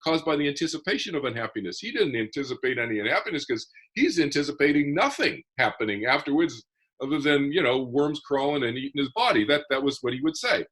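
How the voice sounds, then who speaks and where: A man with a husky, slightly rough voice at a middle pitch, talking as a guest in a casual interview. He explains things earnestly and methodically, stumbling into repeated restarts as his thoughts gather. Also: expressive, fast, fairly bright tone.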